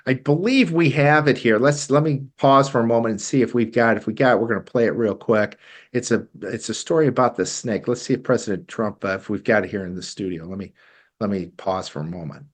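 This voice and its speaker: A man hosting a talk show in a studio, delivering an emphatic, indignant political commentary monologue with frequent halting restarts. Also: medium pitch.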